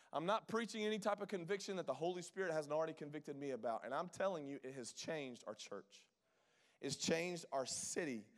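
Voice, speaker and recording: A man preaching a passionate sermon as pastor, calling out to his congregation and building to loud peaks. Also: sits high. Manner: impassioned, rising to loud peaks, call-and-response with congregation.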